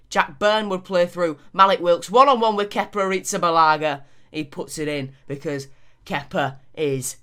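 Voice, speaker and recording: A man narrates a football video game match with lively commentary. He calls the plays quickly and sounds animated, in a casual gaming-channel way. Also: high-pitched. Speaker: gaming YouTuber.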